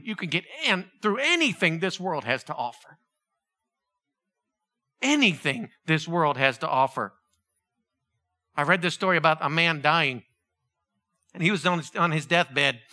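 A man delivers a sermon in a high, strikingly bright and forceful voice that rises and falls widely. He swings between loud, impassioned exclamations and quiet, earnest reflection. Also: animated, a little slow, pauses often. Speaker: preacher.

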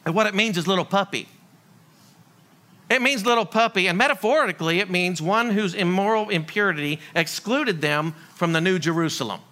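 A man's voice: high voice, fairly quick, bright, forceful tone. A man preaching a sermon as a pastor, full of rhetorical questions and folksy humor.

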